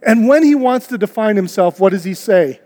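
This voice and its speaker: A man's voice: high voice, expressive, fairly quick, a little mellow. A man preaching a sermon to his church in an earnest, conversational way, asking his listeners rhetorical questions. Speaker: pastor. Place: church auditorium. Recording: long hall reverb.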